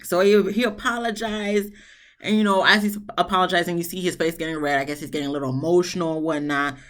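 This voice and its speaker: Woman reviewer, low-set but bright and forceful voice, sarcastic, lively recap delivery. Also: fast talker. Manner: chatty, animated, mock-quotes people with big pitch swings; sarcastic asides. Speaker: TV show reviewer. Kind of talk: casual episode recap.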